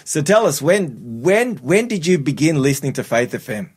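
A man's voice: fairly high pitch, sing-song, moderate pace, slightly rough. A man from Australia hosting a radio studio chat, upbeat and chatty, a little nasal from a cold. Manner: upbeat, chatty, laughs often, repeats words. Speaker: radio show host.

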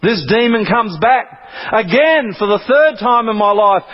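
Preacher guy, high pitched and kinda husky, earnest dramatic testimony. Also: animated, unhurried. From Australia. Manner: earnest, dramatic storytelling with repeated phrases. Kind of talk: sermon testimony. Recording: dull lo-fi recording.

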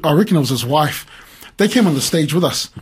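A man co-hosts a relaxed Christian radio chat at a studio microphone. His voice is slightly husky and sits a little high for a man. He tells stories in an animated way, acting out the voices of the people in them. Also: fast talker. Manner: storytelling, animated with acted-out quotes. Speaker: radio co-host.

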